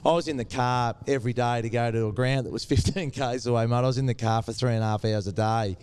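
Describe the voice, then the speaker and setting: Middle-aged Australian man, easygoing storyteller, mellow and resonant, close and dry. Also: mid-range voice, steady tone, fast talker, clean tone, dry recording. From Tasmania, Australia. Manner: laid-back, says mate a lot. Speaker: guest, former cricketer. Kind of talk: casual interview storytelling.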